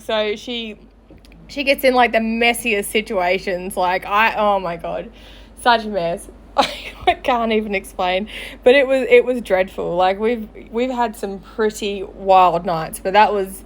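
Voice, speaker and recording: A woman's voice: medium pitch, unhurried. A young woman telling a funny story in casual chat, chatty, swearing freely, laughing often and acting out other people's lines. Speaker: storyteller on a live show.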